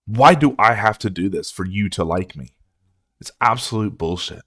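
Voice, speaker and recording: A man's voice: lowish voice, lively intonation, normal speed, fairly bright tone, no echo, clean studio sound. A man hosting a music reaction video, ranting in a casual, profane way.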